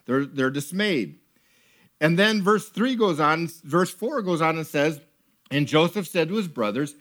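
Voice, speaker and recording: A man preaching a sermon in a tent to a gathered audience, retelling a Bible story with animated asides and acted-out lines. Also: a little high, a little slow. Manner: animated storytelling, acts out characters.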